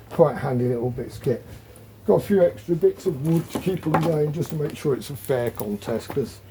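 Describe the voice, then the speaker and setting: A man's voice: on the high side, mellow, slight background noise. A middle-aged man chatting casually as he demonstrates his gear, rambling with joking asides. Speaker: off-grid living vlogger.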